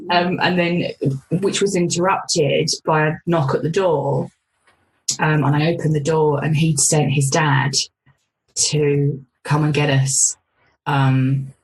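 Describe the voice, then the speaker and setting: Low-voiced woman, frank storyteller. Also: a little hiss or hum, low-quality recording. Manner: frank, laughs through hard memories. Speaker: podcast guest. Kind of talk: candid personal storytelling.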